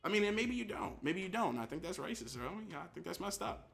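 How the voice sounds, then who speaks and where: A young man streams casually, reacting animatedly to his chat and reading messages aloud as live-stream commentary. His voice is high with vocal fry, he talks quickly, and faint music plays behind him.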